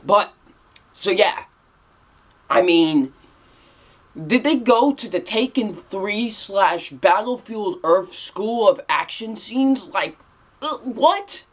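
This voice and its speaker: A casual video reviewer who talks straight to the viewers. The delivery is emphatic and repetitive, restating one blunt verdict over and over, with a pitch that sits in the middle range. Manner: emphatic and repetitive, circling back to the same verdict again and again. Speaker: movie reviewer.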